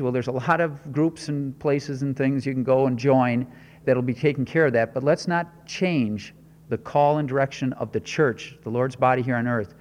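A man preaching a sermon as pastor, earnest and measured, with emphatic rises. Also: medium pitch, darkish tone, long reverb tail.

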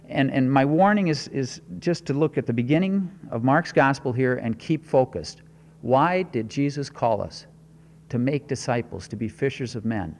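A man preaching a sermon as pastor, earnest and measured, with emphatic rises. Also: medium pitch, expressive, a little mellow, in a large hall.

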